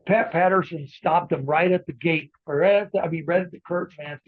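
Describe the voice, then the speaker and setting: A man in his sixties, once a wrestler and ring announcer, guests on a casual interview, spinning rambling stories full of fillers and restarts. His voice sits on the high side and moves a little fast with hardly any pauses. The line sounds tinny and phone-like, with a dry quality.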